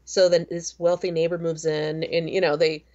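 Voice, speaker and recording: A woman's voice: deep voice, level tone, moderate pace, darkish tone, lo-fi sound. A woman in her forties co-hosting a podcast, telling stories in a rambling, chatty way full of fillers. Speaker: podcast co-host. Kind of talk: casual chat.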